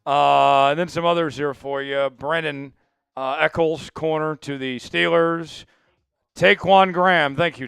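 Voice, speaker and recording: A fairly high-voiced man with a gravelly edge hosts a live sports news stream. He runs through item after item bluntly and with strong opinions, sounding worn out after hours on air. His voice is bright and clean over a dry, close mic. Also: no echo. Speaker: sports show host.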